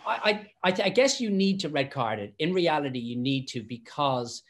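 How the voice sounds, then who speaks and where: A man who used to be a professional referee, chatting on a podcast and telling lively anecdotes with lots of restarts and repeated words. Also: fairly high pitch, normal speed, slight background noise. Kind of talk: casual podcast chat, anecdotes.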